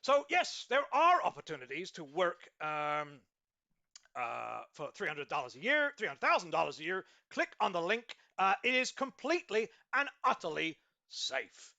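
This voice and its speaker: A man's voice: sits high, very animated, normal speed, vocal fry, sharp tone. A man hosting a satirical business advice show in a pompous, mock-serious guru manner, with frequent ums.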